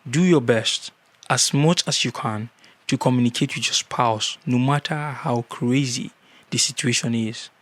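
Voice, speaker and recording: A man's voice: mid-range voice, unhurried, fairly bright tone. A man giving earnest marriage advice in a casual vlog, repeating key words for emphasis.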